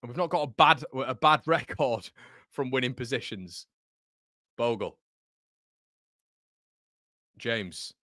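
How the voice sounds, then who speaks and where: A man hosting a live football watchalong, commentating excitably and bantering with his chat. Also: medium pitch, slow, long pauses, dry recording, studio quality.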